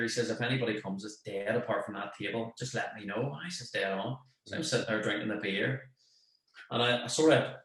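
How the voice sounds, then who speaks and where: A man with a Northern Irish accent telling a lively anecdote in casual chat, acting out what people said. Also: lowish voice. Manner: animated anecdote, acts out quoted voices. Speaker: guest, football manager. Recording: very echoey room.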